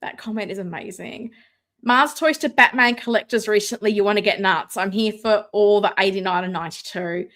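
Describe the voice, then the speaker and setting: A woman hosting a live stream from home, chatting casually, excitable and sarcastic, sometimes shouting. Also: mid-range voice, moderate pace. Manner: excitable, sarcastic, loud at times. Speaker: livestream host. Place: home room with ring light. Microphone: no mic close by, computer setup.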